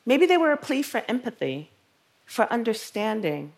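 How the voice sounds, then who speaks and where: A woman in her fifties from New York, a writer giving a slow, measured storytelling talk on stage, with soft trailing phrases. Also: fairly high pitch, big pitch swings, creaky. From Brooklyn, New York.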